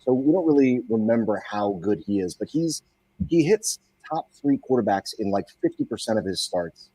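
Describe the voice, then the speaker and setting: A man's voice: lowish voice, lively intonation, normal speed, mellow. A man co-hosting a podcast, making dry asides and reasoning through stats in casual chat. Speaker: podcast co-host.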